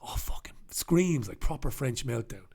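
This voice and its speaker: A man's voice: mid-range voice, lively intonation, normal speed, creaky, mellow, slightly rough, whispered. Swearing British man riffing solo. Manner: swearing, rambling, sings snatches of songs. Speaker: host. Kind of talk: comic newspaper review monologue.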